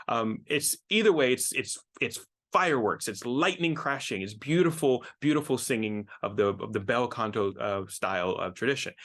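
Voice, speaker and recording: A middle-aged music professor with a medium-pitched, slightly bright voice gives an enthusiastic explanatory lecture. He often repeats words as he thinks and sings short snippets.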